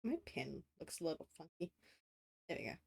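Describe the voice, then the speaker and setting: A woman's voice: low-pitched, lively intonation, moderate pace, vocal fry, a little mellow, slightly rough. An Australian woman in her late twenties, streaming casual chat while drawing, rambling with many fillers, casual swearing and frequent laughs. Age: late 20s.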